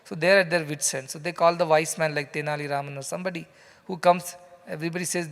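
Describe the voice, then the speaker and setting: A man with an Indian English accent delivers a spiritual lecture in a conversational, storytelling way, often turning to the audience with questions. His voice sits high for a man. The sound carries a long reverb from a large hall. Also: steady tone, fast talker, fairly bright tone, clean tone. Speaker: spiritual teacher. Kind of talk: scripture lecture to a live audience.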